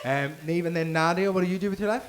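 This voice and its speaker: A man's voice: high voice, quick pace. A man hosting a comedy night, doing teasing crowd work with swearing and laughter. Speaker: comedy show host. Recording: noisy live room mic.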